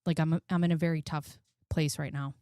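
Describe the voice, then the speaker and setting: Low-pitched and mellow, with little pitch movement and a brisk delivery, this woman's voice comes through clean studio sound with no room noise. She hosts a commentary channel and frankly recounts something personal to viewers she addresses as friends, getting emotional and cursing freely.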